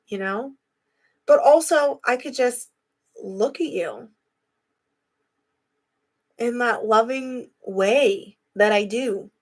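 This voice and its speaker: A woman's voice: on the high side, a bit bright. Chatty woman hosting a live stream. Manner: chatty, reflective, addresses viewers directly. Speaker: host of a live video. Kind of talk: casual live-stream talk.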